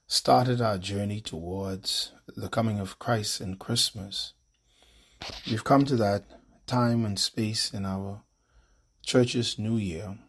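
Gravelly priest. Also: male voice, on the low side. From Bahamas. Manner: measured, prayerful delivery. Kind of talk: morning devotion and sermon.

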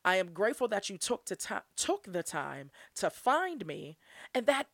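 A young woman with a medium-pitched, creaky voice swings widely in pitch at a moderate pace. Recorded in studio quality with no room sound, she hosts a solo podcast, speaking earnestly from the heart and laughing often.

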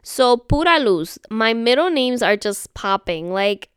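A woman's voice: fairly high pitch, big pitch swings, measured pace, clean tone, dry recording, clean studio sound. A woman talking casually on her own to listeners, chatty, often checking in and patiently spelling words out. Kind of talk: casual solo monologue.

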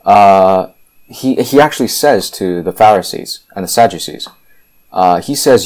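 A man with a very deep, low voice delivers fervent Bible commentary. He hammers his points home emphatically and often restarts his sentences. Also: animated, a little slow, darkish tone. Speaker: Christian commentator.

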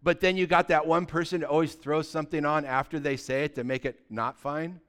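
Animated male pastor, smooth voice. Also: on the high side, brisk. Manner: animated, conversational preaching with rhetorical questions. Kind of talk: sermon.

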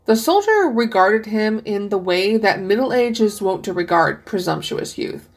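A woman narrating a classic short story as a podcast reading, measured and steady, slowing for the characters' lines. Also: medium pitch, breathy edge. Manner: measured storytelling, slows for quoted speech. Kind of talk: scripted audiobook reading.

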